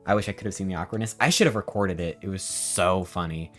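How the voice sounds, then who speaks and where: A man's voice: deep voice, fast talker, a bit bright. Casual male streamer, sarcastic storyteller, faint music behind.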